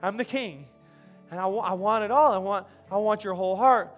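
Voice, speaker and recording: A man's voice: sits high, brisk, faint music behind, close to an everyday voice. A pastor voicing God as a loving king. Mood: earnest. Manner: earnest, insistent, repeats phrases. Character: God speaking warmly as a firm loving king.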